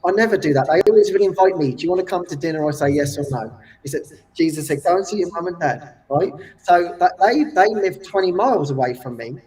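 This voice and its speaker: High-voiced man telling a story. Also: fast, few pauses. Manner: animated, laughs often, acts out quotes. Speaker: guest. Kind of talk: storytelling in casual chat. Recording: distant from the mic.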